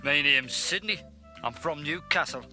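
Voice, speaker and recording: A man's voice: fairly high pitch, expressive, normal speed, music in the background, close to an everyday voice. A man doing a crude cocky Geordie lad.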